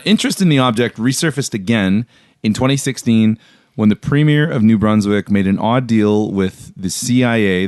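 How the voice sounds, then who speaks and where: A man hosting a podcast, telling a story in a playful, animated, comedic way. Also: fairly low pitch, clean tone, no echo, studio quality. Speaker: podcast host.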